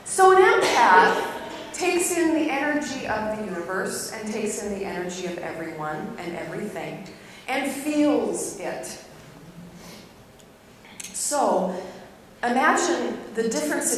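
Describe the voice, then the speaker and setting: Animated woman preaching in an echoey hall. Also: on the high side, a little hiss or hum. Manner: animated storytelling, bursts of mock anger and laughter. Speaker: guest speaker at a church service. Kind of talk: humorous sermon with personal story. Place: large church hall. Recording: echoey hall recorded from far off.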